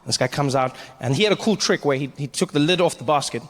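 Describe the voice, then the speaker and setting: A man in his forties telling a stand-up story, animated and self-mocking, acting out the scenes. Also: a little high, fast, raised voice. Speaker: stand-up comedian.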